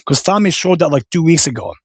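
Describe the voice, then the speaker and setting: A man's voice: fairly high pitch, fast talker, a little mellow, husky, no echo. A man hosting a livestream, ranting angrily and cursing, repeating his insults and reading viewer comments aloud. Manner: profane and combative, repeats insults. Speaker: livestream host. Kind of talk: angry livestream rant.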